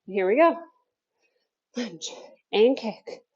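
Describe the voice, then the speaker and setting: A fairly high-voiced woman leads a workout from her basement, upbeat and a little out of breath. She counts down each set and chats between moves. The sound is dull and lo-fi. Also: animated, very slow, breathy edge. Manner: upbeat coaching with counting cues and chatty asides. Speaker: fitness instructor. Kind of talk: workout class instruction. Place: home basement.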